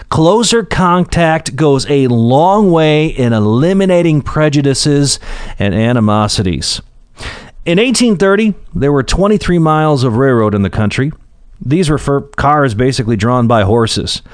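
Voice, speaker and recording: A man hosting a short radio history segment, telling the story in a lively, conversational way. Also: medium pitch, no echo. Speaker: radio host. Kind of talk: scripted history narration.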